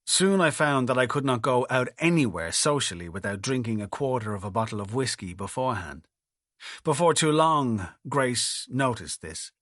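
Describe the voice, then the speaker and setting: A man reading a first-person audiobook narration in a measured, confessional way. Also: medium pitch, animated, a bit bright, no room sound, studio quality.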